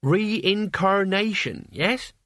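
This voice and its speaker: A man's voice: sits high, expressive, very slow, fairly bright tone, no echo, studio quality, pitched above the performer's own voice, heavily acted. A man voicing a nervous, bewildered young apprentice of Death in an audiobook reading. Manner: flustered, bewildered.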